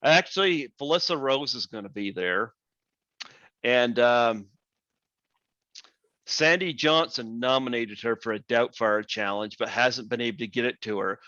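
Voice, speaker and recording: A man's voice: medium pitch, measured pace, pushed and bright, highs cut off. A man from Canada hosting an interview show, chatty and self-deprecating. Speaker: podcast host. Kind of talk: casual interview chat.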